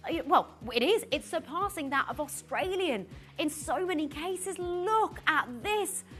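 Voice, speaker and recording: A woman presenting live on a shopping channel, gushing and excitable, often restarting her sentences. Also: sits high, normal speed, soft background music. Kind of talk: live TV sales pitch.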